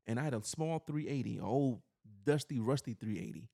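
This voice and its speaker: A man's voice: mid-range voice, fairly quick, gravelly, hardly any pauses, mellow. A man from New York City, a podcast host, telling a personal story in casual chat, earnest and rambling with lots of "you know.".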